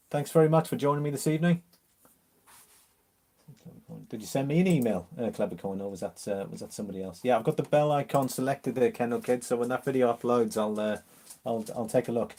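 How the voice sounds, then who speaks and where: A chatty, relaxed man from Liverpool, England hosts a casual live stream, reading out viewer comments and laughing easily. He talks a little fast in a mid-range voice, with a mixed English accent that's mildly Liverpudlian.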